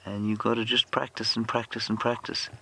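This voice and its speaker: Man, safari guide, very low voice, bright forceful tone, dry humor, outdoors. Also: little pitch movement, fairly quick, gravelly, a little hiss or hum. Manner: dry, self-deprecating humor. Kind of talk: live game drive commentary. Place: outdoors in the bush.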